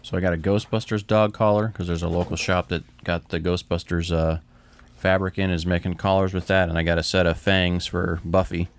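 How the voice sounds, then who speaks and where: A man's voice: low-pitched, flat delivery, a little fast, smooth. A man co-hosting a casual podcast, joking, teasing and swearing while tasting snacks. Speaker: podcast co-host.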